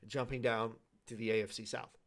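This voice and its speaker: A man's voice: medium pitch, level tone, brisk. A man hosting a league show, giving his predictions in loose, repetitive casual talk with many fillers and restarts.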